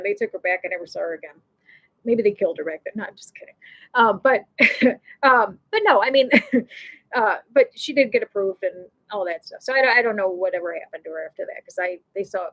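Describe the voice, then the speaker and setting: A woman with a high voice tells a personal story on her live show. She talks in an emotional, rambling way, often restarting her sentences and filling the gaps with "you know". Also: poor audio.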